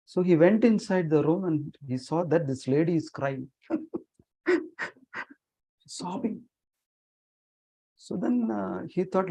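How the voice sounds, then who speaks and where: A man, preaching by telling a story, softly acting out the dialogue and asking his listeners questions. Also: sits high, creaky, low-quality recording. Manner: earnest storyteller, voices dialogue softly, asks the audience questions. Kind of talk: storytelling sermon. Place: temple meeting room, online session.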